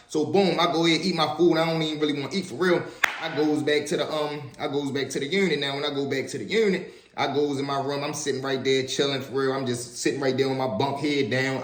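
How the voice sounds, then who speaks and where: A man in his twenties telling personal stories in a casual, slangy, animated way, often turning to the listeners with asides. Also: a little high. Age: 20s. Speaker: storyteller. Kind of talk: casual storytelling vlog. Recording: echoey room.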